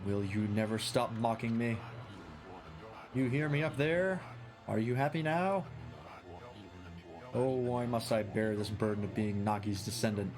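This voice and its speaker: A man's voice: medium pitch, unhurried, pauses often, natural voice. A man reading aloud in the voice of a brooding, cowardly male warrior, theatrical and exasperated, with game music behind him. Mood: melodramatic.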